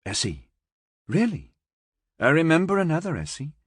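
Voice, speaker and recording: A man's voice: fairly high pitch, huge pitch swings, normal speed, slightly rough, no echo, studio quality, pitched above the performer's own voice, full character voice. A man voicing a firm, prying middle-aged aunt who asks insistent, scolding questions in a raised voice. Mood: probing.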